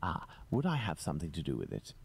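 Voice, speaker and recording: An actor playing Sherlock Holmes, a calm, inquisitive male detective, in a video game, speaking politely and in a measured way. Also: extremely low pitch, creaky, husky, full character voice.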